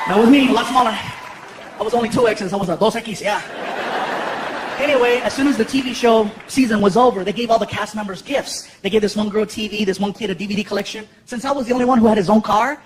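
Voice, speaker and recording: A man from Los Angeles telling stories on stage in an animated stand-up set, acting out voices. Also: high-pitched, background noise. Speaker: stand-up comedian. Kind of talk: stand-up comedy storytelling. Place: large comedy theater. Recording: roomy hall, loud audience laughter.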